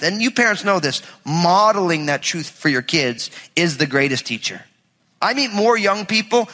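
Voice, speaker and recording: A man, a pastor, preaching a lively, conversational sermon with humor in a church. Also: high voice, big-room sound.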